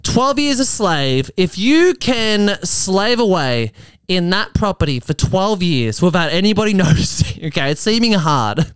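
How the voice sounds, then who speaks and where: A man's voice: high voice, a little slow, smooth, no echo. A man hosting a podcast, riffing jokily on articles he reads out and slipping into mock voices. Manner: jokey, animated, slips into mock voices. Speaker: podcast host. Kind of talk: casual commentary reading articles aloud. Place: apartment.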